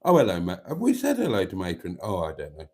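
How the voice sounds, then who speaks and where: A chatty man hosting a live stream, reading viewer comments aloud and joking at his own expense. His pitch rises and falls a lot, and his tone is dark and mellow. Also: wildly swooping pitch, fast, husky. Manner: chatty, wry, self-mocking, reads out viewer comments.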